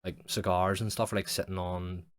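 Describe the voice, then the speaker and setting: A young man with a deep voice rambles through a story on his podcast. He swears freely and fills nearly every pause with "like". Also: little pitch movement. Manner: rambling, sweary, heavy use of "like". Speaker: podcast host. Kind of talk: casual storytelling monologue.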